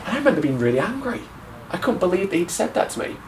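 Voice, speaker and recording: A man's voice: high voice, sing-song, racing, a little mellow, a little hiss or hum, rough recording. A man in his twenties giving a talk to an audience, telling stories in a candid way and often adding questions like "right?" to his sentences. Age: 20s. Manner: candid storytelling with rhetorical tag questions. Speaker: speaker.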